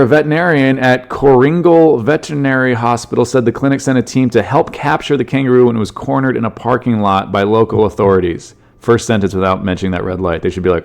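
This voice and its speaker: A man's voice: mid-range voice, fast, creaky, few pauses, a little mellow. A man hosting a solo comedy podcast, rambling and joking through news stories and swearing freely. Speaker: podcast host.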